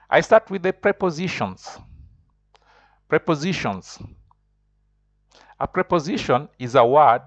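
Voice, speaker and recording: A man's voice: mid-range voice, no room sound. Man, language teacher, patient step-by-step explaining, dry close sound, slightly muffled. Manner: explains step by step, repeats himself often. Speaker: French teacher. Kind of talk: online language lesson.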